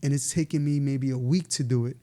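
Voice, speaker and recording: A man, telling stories in a casual, animated way as a podcast guest, laughing now and then. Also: mid-range voice, fairly quick. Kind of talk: casual storytelling interview.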